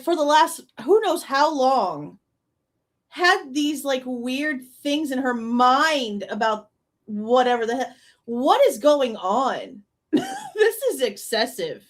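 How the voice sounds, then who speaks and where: High, lively woman reacting live. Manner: incredulous, laughing, profane. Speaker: true crime reaction streamer.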